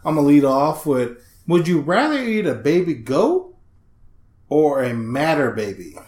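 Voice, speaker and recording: A man co-hosting a casual comedy podcast, animated, laughing often and acting out voices in his stories. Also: fairly high pitch, unhurried. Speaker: podcast co-host. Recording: roomy echo.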